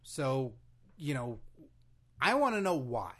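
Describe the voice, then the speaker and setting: Brief: man, podcast host, easygoing chat, deadpan quips. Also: medium pitch, takes it slowly. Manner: dry, joking asides. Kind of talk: casual chat.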